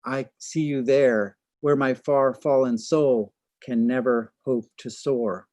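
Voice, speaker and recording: A man voicing a tormented young feast-master, defiant and impassioned. He speaks at an unhurried pace in a dry, close sound. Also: mid-range voice, steady tone, a little mellow, dry recording, natural voice. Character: anguished young male feast chairman.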